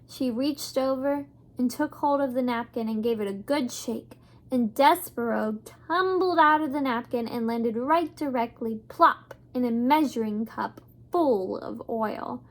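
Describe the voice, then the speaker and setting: A woman reading a children's novel aloud in a gentle, measured storytelling voice. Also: a little high. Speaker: reader.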